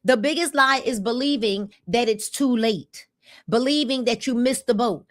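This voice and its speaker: Brief: woman, fifties, livestream host, slightly high voice, energetic and repetitive. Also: moderate pace, no room sound, clean studio sound. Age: 50s. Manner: energetic, repetitive calls to comment. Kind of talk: casual livestream talk to viewers.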